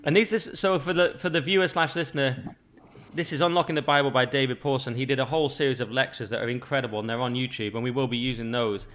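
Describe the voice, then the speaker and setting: A man hosting a podcast, talking casually and rambling a little with quick asides and restarts. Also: medium pitch, steady tone, a bit bright. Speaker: podcast host.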